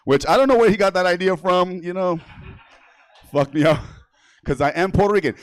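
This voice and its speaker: A man's voice: high voice, fairly quick, no room sound. Brash, profane New comedian man. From New York. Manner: brash, profane, laughing at his own jokes. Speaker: stand-up comedian. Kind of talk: stand-up comedy set. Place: comedy theater stage.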